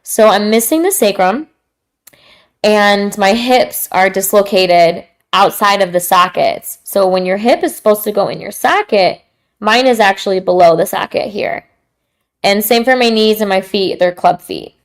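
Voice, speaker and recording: A woman hosts a podcast in a loose, casual way. Her speech is slangy, candid and straight to the point, and her voice sits at a middle pitch. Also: animated, unhurried. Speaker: podcast host. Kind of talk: casual talk.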